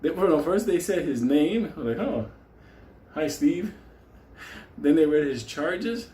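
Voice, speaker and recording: Speaking at normal speed in a fairly high-pitched voice, a man hosts his channel with a casual monologue of profane stories, laughing throughout. He's lively and animated, and the room sounds echoey with faint ambience.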